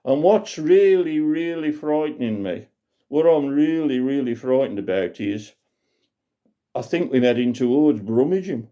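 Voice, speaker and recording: A man's voice: mid-range voice, lively intonation, a little slow, voice pushed up, close to an everyday voice. A man voicing a frightened old grandad stuck in a plane, stammering and panicky. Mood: panicked. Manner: stammering, panicky, rising to shouts. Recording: dull lo-fi recording.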